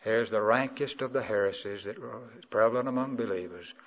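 A man preaches with a call-and-response rhythm, urging listeners to answer back. His voice dips low and quiet, then climbs loud and high on key words. The old recording sounds dull and muffled. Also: a little fast. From South Carolina. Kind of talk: sermon.

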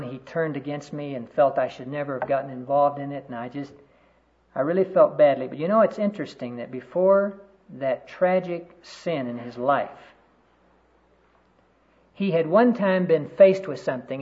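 Guy preaching earnestly, kinda high voice, muffled old tape sound. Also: normal speed. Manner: earnest storytelling, quotes scripture. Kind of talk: sermon. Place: conference room. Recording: dull lo-fi sermon recording.

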